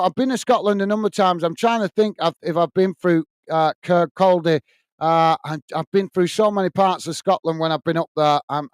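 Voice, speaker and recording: Chatty high-voiced British fan host. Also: male voice, clean tone, no echo. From United Kingdom. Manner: chatty, thanks viewers by name, frequent fillers. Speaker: watch-along host. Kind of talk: live match commentary and chat reading.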